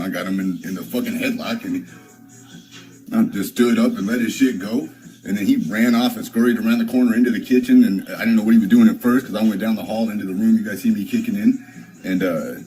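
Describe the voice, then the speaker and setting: A man's voice: on the low side, darkish tone, low-quality recording. A young man streaming, telling a story in a rambling, profane way, full of restarts and fillers. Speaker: live streamer.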